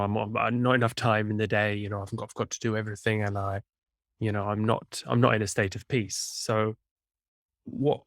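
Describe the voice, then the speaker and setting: A male podcast host makes a joke and then asks a casual, rambling question, restarting as he goes. His voice is fairly low and dry. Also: fairly bright tone, no echo. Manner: joking, rambling question with self-corrections.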